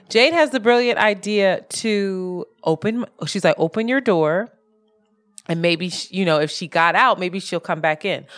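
A woman co-hosting a casual podcast, telling a story in an animated way with sudden jumps in pitch and plenty of swearing. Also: clear, resonant tone. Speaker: podcast co-host. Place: apartment in Brooklyn, street sirens outside.

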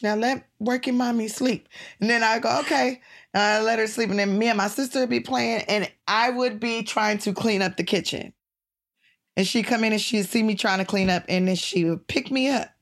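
Middle-aged comic woman, animated storyteller, laughs a lot, acts out voices, mid-pitched. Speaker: comedian and guest. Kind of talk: casual storytelling interview.

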